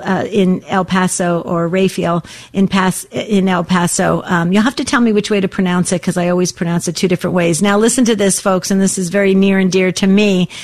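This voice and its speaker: Chatty woman hosting a faith call-in show. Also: medium pitch. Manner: warm, emotional, many fillers and restarts. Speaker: host of a Catholic call-in radio show. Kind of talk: call-in radio talk.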